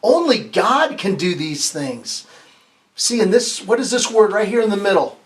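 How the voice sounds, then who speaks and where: At a normal speed and in a high pitch, a pastor hosting story time reads a children's picture book. He plays it up expressively, stops to pose questions to the kids and get them repeating lines, and now and again stumbles and starts over.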